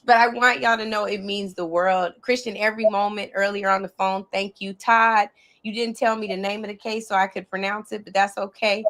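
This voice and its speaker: A woman's voice: medium pitch, fairly even intonation, a little fast, a bit bright. A woman hosting a live online panel, speaking with heartfelt emotion and rallying her guests. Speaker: host.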